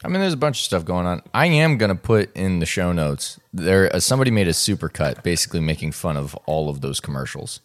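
An easygoing man co-hosting a casual podcast chat. His voice sits very low, and he reads passages aloud at a relaxed clip. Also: fast talker, hardly any pauses. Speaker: podcast co-host.

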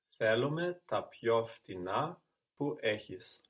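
A man's voice: mid-range voice, sing-song. A man working as a language student, answering drill questions carefully and sometimes correcting himself partway through. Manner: slow, careful answers with occasional self-corrections.

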